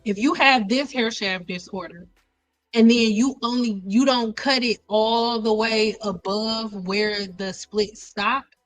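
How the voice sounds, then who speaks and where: A woman hosting a hair care live stream, joking around in a playful, animated way and repeating lines for effect. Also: fairly high pitch, slow pace, faint music behind, poor audio.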